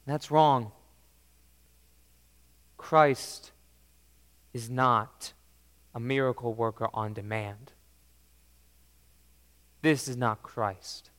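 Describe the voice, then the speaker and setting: A man preaching a sermon emphatically, swinging between loud declarations and soft, low lines. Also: fairly even intonation, drawn-out words, long pauses, long reverb tail.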